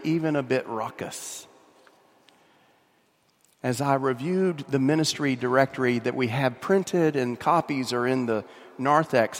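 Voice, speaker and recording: A man, a pastor delivering a sermon in a measured, wry way. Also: mid-range voice. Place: large church sanctuary. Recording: long church reverb.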